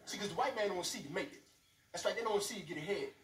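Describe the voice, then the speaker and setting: A man's voice: high voice, very fast, a bit bright, slight background noise. A man doing a preachy, ranting brother. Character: ranting paranoid older brother. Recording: roomy club sound from far off.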